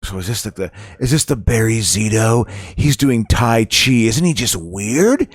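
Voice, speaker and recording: A man's voice: lowish voice, expressive, a little slow, husky, dry recording, clean studio sound. A man from the Chicago area hosting a podcast, rambling and laughing often as he chats. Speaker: podcast host. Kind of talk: casual chat.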